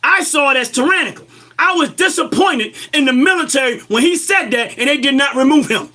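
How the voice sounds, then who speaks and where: A man's voice: extremely high pitch, animated, a little fast, sharp tone. A man giving impassioned political commentary, emphatic and lecturing, firing rhetorical questions at his listeners.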